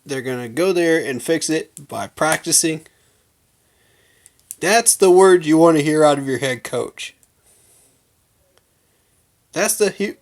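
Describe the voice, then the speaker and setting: Heated man ranting about his team. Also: a little high. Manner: heated, emphatic, slangy. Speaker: fan channel host. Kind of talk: casual fan rant to camera.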